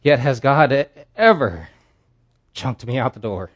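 Pastor, male, mid-pitched, earnest candid storyteller, preaching a sermon at a church service. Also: expressive, measured pace, husky.

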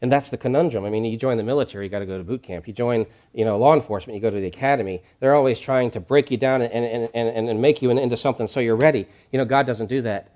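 A man preaching a sermon as a pastor from behind a church podium, emphatic and repeating his key lines, dropping to a hush and then rising loud. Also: medium pitch, very fast, few pauses, muffled recording.

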